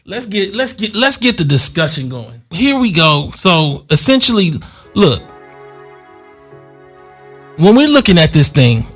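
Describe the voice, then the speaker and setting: A man's voice: high-pitched, sing-song, a little slow, long pauses, a bit bright, faint music behind. A man hosting his own talk show in a casual, slangy, playful commentary style. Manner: laid-back, slangy, playful. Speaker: host.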